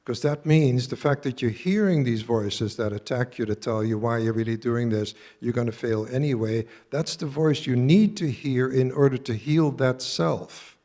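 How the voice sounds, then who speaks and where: A man's voice: mid-range voice, normal speed, few pauses, warm tone. A man in his seventies giving a live talk to an audience, earnest and direct, quizzing his listeners. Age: 70s. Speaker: workshop speaker.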